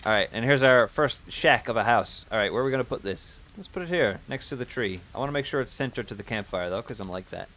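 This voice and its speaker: A man's voice: medium pitch, quick pace, few pauses, a little hiss or hum. Playful man doing game commentary. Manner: playful self-mocking chatter with loud excited yelps. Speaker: gaming channel host. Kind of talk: let's play commentary.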